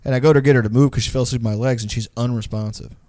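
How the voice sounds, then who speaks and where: A man's voice: mid-range voice, rapid-fire, dry recording. Profane, rambling young man. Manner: profane, rambling, animated storytelling. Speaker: storyteller in a group chat. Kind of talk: casual chat.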